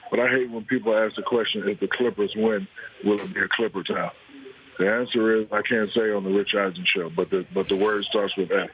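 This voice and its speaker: A man's voice: on the low side, steady tone, fairly quick, husky. A middle-aged man calling in from his home kitchen, talking in a laid-back way and repeating words while he finds his point. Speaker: guest on phone. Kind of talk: casual chat. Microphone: phone. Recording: tinny phone line with faint noise.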